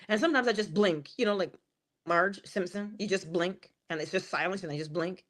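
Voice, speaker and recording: Hosting a morning inspiration stream, a woman with a lowish, brisk voice gives an animated motivational talk with emphasis. She laughs, acts out little scenes, and lowers to a whisper for key phrases.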